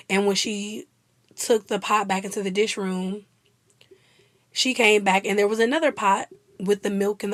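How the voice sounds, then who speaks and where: A young woman hosting her own channel, chatting casually and excitedly about a TV series and acting out characters' lines in quick little voices. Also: medium pitch, dry recording. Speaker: YouTube host. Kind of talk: casual TV show recap.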